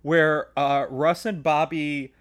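Male comedy podcast co-host, slightly high voice, dry storyteller. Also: fairly even intonation, takes it slowly. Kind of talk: casual comedic chat.

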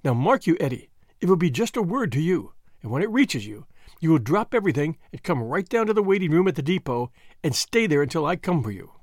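A man's voice: fairly high pitch, very animated, fairly quick, no echo, clean studio sound. A man reading as McMurdo, an earnest bold young man. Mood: earnest, tender. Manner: earnest, forceful pleading and solemn speechmaking. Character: bold young man, secret-society member, earnest and commanding.

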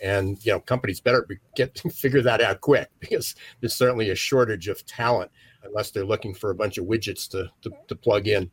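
A man with a low-pitched voice co-hosts a conversational interview. He rambles and restarts his sentences as he sets up his questions. The sound is dry and close. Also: steady tone, brisk, slightly rough, no room sound. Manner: rambling, many restarts and fillers. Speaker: podcast co-host.

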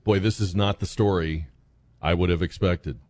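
Male talk radio host, very low voice, dry studio sound, halting delivery full of fillers. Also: fairly even intonation, darkish tone, dry recording. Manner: halting, many fillers and restarts. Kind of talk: casual radio chat.

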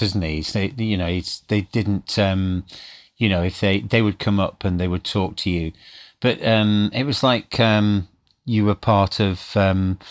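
A man with a very deep voice reminisces in an interview. He talks haltingly, backing up and restarting his sentences. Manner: halting, many fillers and restarts. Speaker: actor interviewed. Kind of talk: casual reminiscing.

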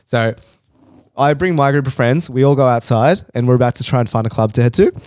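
A young man, a podcast co-host telling an animated story in casual chat and laughing often. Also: medium pitch, a little fast, no echo, studio quality.

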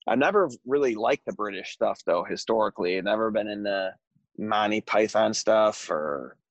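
A man's voice: on the low side, normal speed, no room sound, lo-fi sound. A man co-hosting a casual podcast with an American accent, joking and laughing often as he chats. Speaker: podcast co-host. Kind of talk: casual chat.

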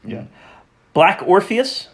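A man's voice: high-pitched, very animated, slow pace. A man hosting a casual film podcast, rambling and repeating words as he runs through a list of old movies, tripping over foreign titles. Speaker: podcast host.

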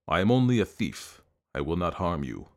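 Man doing a blunt young barbarian thief, muttering, very deep voice, storybook. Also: sing-song, moderate pace. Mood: earnest.

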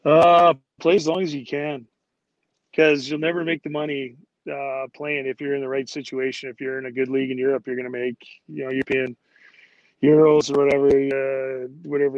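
A man's voice: medium pitch, flat delivery, moderate pace, no echo, highs cut off. A man, a former hockey player, telling rambling casual stories with lots of "like" and "you know" fillers. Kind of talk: casual storytelling interview.

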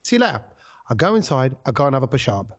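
A man hosting a casual podcast, telling a story with lively acted-out quotes. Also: mid-range voice, fast. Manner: animated storyteller who acts out quotes. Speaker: podcast host.

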